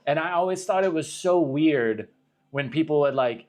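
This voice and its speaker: A man's voice: a little high, moderate pace, a little mellow. A young man from Arizona chatting casually on a livestream, rambling, swearing and cutting himself off as he reacts to viewer questions. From Arizona, USA. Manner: rambling, profane, self-interrupting. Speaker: livestream host.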